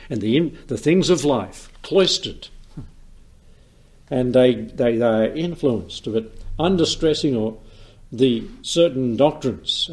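A man's voice: medium pitch, darkish tone, husky. A man giving an informal sermon, talking through the sections of a Bible in a conversational way, often repeating words and restarting. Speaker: preacher.

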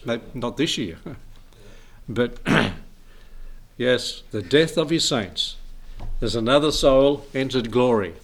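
A man's voice: mid-range voice, slow. A man preaching an informal sermon, reading scripture and telling homely stories with frequent chuckles. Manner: chuckles often, relaxed storytelling.

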